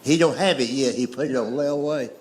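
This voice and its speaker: A man's voice: mid-range voice, a little fast. A man with a Southern US accent doing stand-up storytelling, folksy and drawn out, with dry asides. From Southern United States. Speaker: stand-up comedian. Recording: live show with audience noise. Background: audience laughter.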